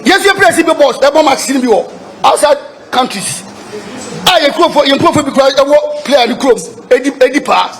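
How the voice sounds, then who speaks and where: A man's voice: very high voice, animated, a little fast, fairly bright tone. A man with a Ghanaian accent speaking for football club supporters, emphatic, switching between Twi and English and repeating himself. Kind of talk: press statement to reporters.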